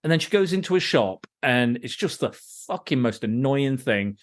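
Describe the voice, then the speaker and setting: A man's voice: mid-range voice, very animated, moderate pace. Rambling, swearing male podcast host. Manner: rambling, frequent swearing, many restarts. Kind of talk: casual film review chat.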